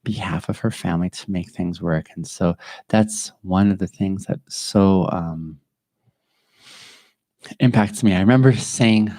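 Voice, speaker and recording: Deep-voiced man, earnest podcast monologue. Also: warm tone, no room sound. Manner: earnest, halting, with frequent restarts and pauses. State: emotional, near tears. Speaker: podcast host. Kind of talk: reflective personal monologue.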